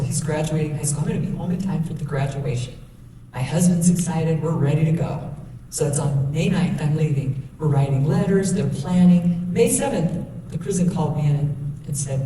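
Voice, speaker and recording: A middle-aged woman giving an earnest, emotional talk about her life to young people at a school. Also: low voice. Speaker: guest speaker. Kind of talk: motivational talk to youth. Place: school hall. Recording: echoey hall from far off, noisy.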